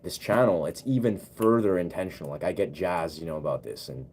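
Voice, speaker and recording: A man's voice: sits low, fairly quick, darkish tone, a little hiss or hum. A man chatting casually on a live stream as a musician, laid-back and rambling with slangy asides. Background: keyboard music he plays.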